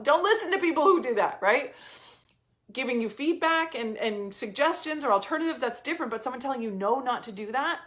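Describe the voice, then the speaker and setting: A woman in her thirties giving a casual motivational talk as a business coach, emphatic, repeating phrases and swearing casually. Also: fairly high pitch.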